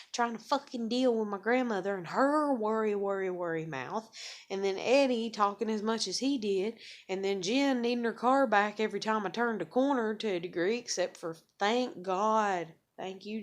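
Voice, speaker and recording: Profane ranting woman. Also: mid-range voice. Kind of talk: casual venting monologue.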